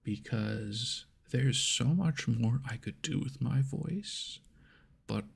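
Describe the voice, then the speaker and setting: A man hosting a whispered ASMR chat into an ears mic, soft and rambling, laughing at himself. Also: medium pitch, slow, vocal fry, husky. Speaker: ASMR channel host. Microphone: homemade binaural ears mic.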